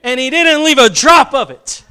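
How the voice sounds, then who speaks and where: High-voiced, impassioned male preacher. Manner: impassioned, swings between slow emphatic build-ups and soft asides. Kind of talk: sermon.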